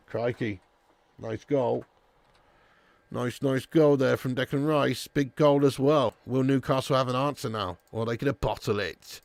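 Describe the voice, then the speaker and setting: Chatty man, gravelly voice. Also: mid-range voice, measured pace, no room sound, clean studio sound. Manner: chatty, banter with chat, swears casually. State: a little sleepy. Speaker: watch-along streamer. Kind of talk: live football watch-along chat.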